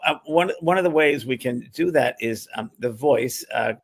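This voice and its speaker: A man's voice: medium pitch, normal speed, breathy edge. A man hosting a spiritual talk show, chatting casually and rambling a little, with frequent restarts. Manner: rambling, restarts often, laughs while talking. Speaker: host, medium. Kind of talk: casual chat.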